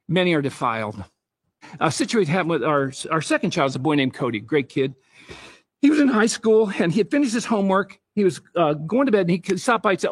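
A middle-aged man delivers a faith-based talk on parenting, weaving scripture into family stories. His voice sits high and swings widely in pitch, with a husky edge. The sound is close and dry. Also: dry recording. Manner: storytelling with scripture quotes, animated. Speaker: speaker on parenting.

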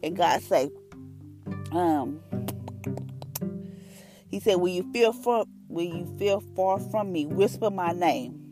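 A low-pitched woman talks through a devotional in a loose, earnest, conversational way. She fills her speech with everyday phrasing and fillers. Clear instrumental music plays underneath her voice. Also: slow, pauses often. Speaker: devotional podcast host. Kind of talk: casual devotional talk. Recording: music bed behind voice.

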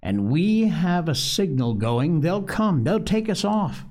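A man's voice: on the high side, very animated, slow pace, darkish tone, pitched above the performer's own voice. A man reading aloud, voicing a young boy who takes charge of the group in an urgent, commanding way. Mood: earnest. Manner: raised and urgent.

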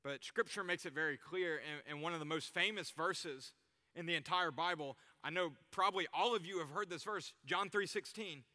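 Bright-voiced man preaching in a hall. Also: fairly high pitch, moderate pace. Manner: conversational preaching with vivid examples. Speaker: youth pastor. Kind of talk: sermon. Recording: reverberant hall.

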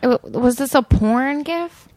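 A woman's voice: high voice, measured pace, a little mellow, no echo. A young woman co-hosting a casual podcast, answering in brief, incredulous replies. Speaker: podcast co-host.

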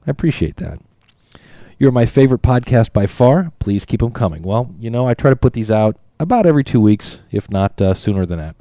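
A man with a low, mellow voice hosts a podcast as a casual monologue. He is chatty and self-deprecating. The sound is dry and close. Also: big pitch swings, quick pace, hardly any pauses, no room sound. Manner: chatty and self-deprecating, reads listener emails aloud. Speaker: podcast host.

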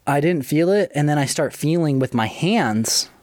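A young man casually telling his own story, profane and chatty, with quick asides. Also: on the high side, expressive, darkish tone, no echo, studio quality.

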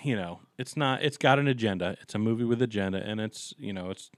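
Dry recording of a man co-hosting a laid-back podcast chat, his fairly low voice moving at a quick pace. His storytelling rambles and is packed with fillers.

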